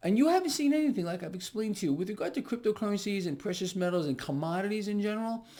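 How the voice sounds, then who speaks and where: Looking straight into the camera, a man with a high voice gives market commentary quickly and animatedly, in a darkish tone. He is emphatic and repetitive, repeating words and often addressing viewers as "people."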